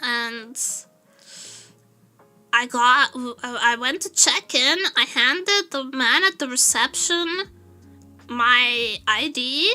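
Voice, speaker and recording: High bright-voiced young woman streamer. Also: drawn-out words, soft background music. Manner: laughs often, animated storytelling. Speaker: vtuber streamer. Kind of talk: casual chat.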